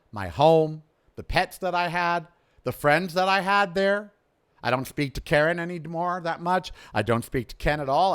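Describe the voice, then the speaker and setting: A man hosting his own podcast, delivering a fiery, blunt monologue that keeps swinging between quiet and loud. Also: on the high side. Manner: fiery, blunt, ranting with big swings in loudness. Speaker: podcast host.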